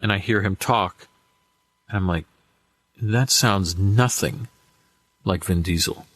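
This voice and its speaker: Brief: low-pitched man, voice actor guest, lively storyteller, dry close mic. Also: slow pace, no echo. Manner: animated anecdotes with acted-out quotes. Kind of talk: casual interview storytelling.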